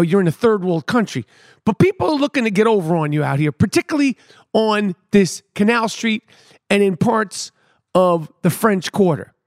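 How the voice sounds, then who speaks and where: A middle-aged man riffs through a comic story as a podcast host, stacking words for emphasis and tossing in street slang. His voice sits fairly high, and it is recorded dry and close with no room sound. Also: dry recording. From New York City. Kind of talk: comedic storytelling monologue.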